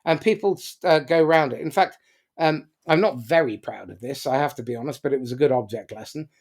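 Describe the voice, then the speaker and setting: A man's voice: medium pitch, a little fast, darkish tone. A man speaking as a podcast guest in a casual motivational talk, emphatic, with frequent ums and uhs.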